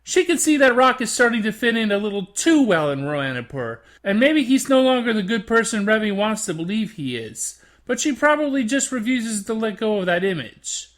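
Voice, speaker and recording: Animated anime review narrator. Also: medium pitch, normal speed, hardly any pauses.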